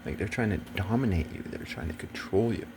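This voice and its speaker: A man's voice: lowish voice, lively intonation, fairly quick, background noise. A man talking in a rambling casual monologue, swearing often and turning agitated and preachy.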